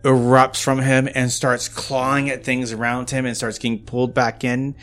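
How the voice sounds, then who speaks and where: A man's voice: medium pitch, flat delivery, fairly bright tone. A man playing a tabletop game, stumbling and repeating himself while describing his character. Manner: halting, repeats himself while searching for words. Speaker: player.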